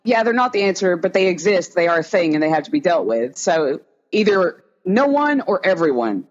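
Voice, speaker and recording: A woman co-hosting a casual comedic podcast, opinionated and quick to laugh, often restarting her sentences. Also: lowish voice, big pitch swings, dull audio. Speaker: podcast co-host.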